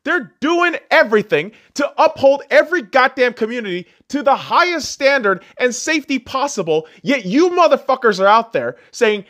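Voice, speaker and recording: A man's voice: extremely high pitch, very animated, moderate pace, hardly any pauses. Angry swearing man ranting. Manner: angry, insulting, swings between yelling and muttering. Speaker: podcast host. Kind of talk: profane political rant.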